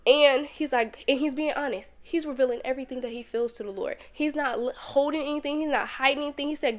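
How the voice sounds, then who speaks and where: A woman hosting a podcast, teaching a Bible lesson in a casual, conversational way with lively storytelling. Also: high-pitched, fast, few pauses.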